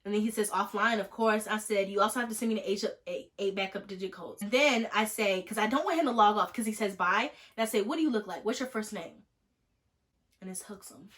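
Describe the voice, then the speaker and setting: Fast-talking animated woman in her twenties. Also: medium pitch. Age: 20s. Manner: animated, jokey, acting out text exchanges. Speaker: vlogger. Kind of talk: casual storytime vlog.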